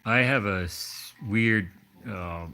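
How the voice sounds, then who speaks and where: A man's voice: lowish voice, slow pace, bright, forceful tone. A man hosting a livestream, chatting casually in a rambling, hesitant way with many restarts. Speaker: livestream host. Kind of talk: casual chat.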